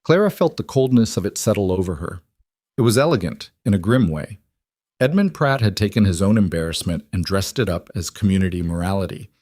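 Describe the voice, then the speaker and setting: A man reads a scripted story aloud in a calm, even manner. His voice sits low. The recording is dry and close, with no room sound. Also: no echo. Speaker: narrator. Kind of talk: scripted audiobook narration.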